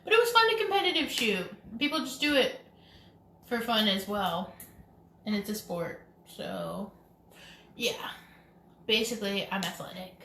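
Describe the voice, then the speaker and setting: A woman's voice: mid-range voice, lively intonation, unhurried, long pauses, pushed and bright, slight background noise. A woman co-hosting a casual live stream, chatty and giggly, rambling from topic to topic. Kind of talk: casual chat. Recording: echoey room.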